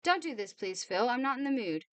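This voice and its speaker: A woman's voice: fairly high pitch, expressive, brisk, fairly bright tone, no echo, pitched above the performer's own voice. A woman voicing a worn-out young woman teacher. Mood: weary.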